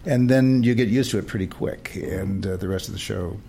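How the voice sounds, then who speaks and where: Man, host, lowish voice, chatty, rambling, faint hum behind. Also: a little fast, creaky, dark tone. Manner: chatty, rambling with many fillers. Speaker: radio show host. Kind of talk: casual interview chat.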